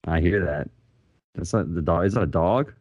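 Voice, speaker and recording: A man with a very deep voice co-hosts a casual podcast. He talks in a teasing, joking way. His mic sounds dull and dry, a little lo-fi. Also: normal speed, dry recording. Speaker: podcast co-host. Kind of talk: casual chat.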